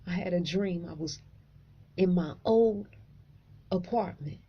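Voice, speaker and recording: A woman vlogger, telling a dream story casually, profane and animated. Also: fairly low pitch, takes it slowly, husky, lo-fi sound.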